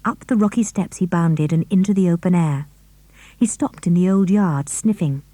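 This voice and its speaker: A woman narrates a children's story with expressive, animated delivery. Her voice is low and mellow. The recording is dry and close. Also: normal speed, no room sound. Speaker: audiobook reader.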